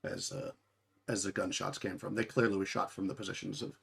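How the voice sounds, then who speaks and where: A man's voice: low voice, huge pitch swings, fairly quick, gravelly, fairly bright tone, breathy edge. A man narrating as game master of a tabletop game, talking in a rambling way with many restarts.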